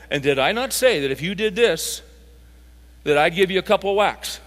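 High, bright-voiced male preacher. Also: brisk. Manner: animated, builds to emphatic peaks. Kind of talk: sermon. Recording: live talk in a reverberant hall.

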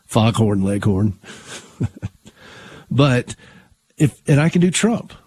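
Husky older man hosting talk radio. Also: mid-range voice, sing-song, takes it slowly, a little mellow, no echo. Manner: earnest, conversational, with frequent restarts. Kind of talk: conservative Christian talk radio.

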